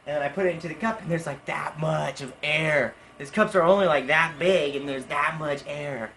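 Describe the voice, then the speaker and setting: An excitable young man racing through a story in a casual vlog. His voice sits a bit high for a man and bounces with hyper energy. Faint noise hums in the background. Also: normal speed, vocal fry. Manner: hyper, animated, jumpy. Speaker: vlogger.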